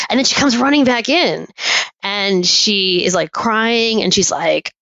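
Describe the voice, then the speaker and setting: A woman guest on a podcast, a poll worker, telling anecdotes in a chatty, animated way and laughing often. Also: medium pitch, measured pace, no echo. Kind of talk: casual podcast storytelling. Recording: dull, dry lo-fi audio.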